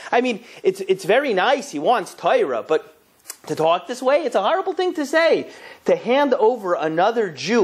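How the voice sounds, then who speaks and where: Animated young rabbi teaching. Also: male voice. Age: young adult. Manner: lively, emphatic storyteller with big pitch swings. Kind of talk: Torah lesson to an audience.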